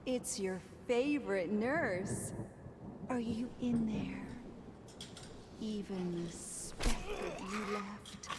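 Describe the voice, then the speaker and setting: An actress voicing a cruel, sinister female nurse who speaks in a sweet, drawn-out, menacing way. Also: medium pitch. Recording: far-off game audio under loud noise.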